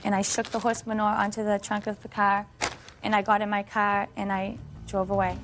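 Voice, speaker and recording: A woman's voice: mid-range voice, little pitch movement, a little fast, a little hiss or hum. A middle-aged woman defendant giving a long, detailed account in court. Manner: long, detailed storytelling with fillers. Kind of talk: courtroom testimony.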